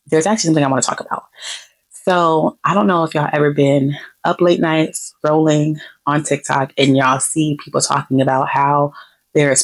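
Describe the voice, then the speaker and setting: A woman's voice: deep voice, vocal fry, no echo, low-quality recording. A woman from the United States hosting a podcast, chatting casually and rambling as she restarts her points. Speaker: podcast host.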